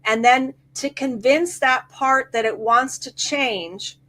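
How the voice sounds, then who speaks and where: A woman's voice: high-pitched, takes it slowly, sharp tone. A middle-aged woman, a hypnotherapist guest, animatedly telling a client story and acting out the quoted voices. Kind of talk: storytelling in casual chat.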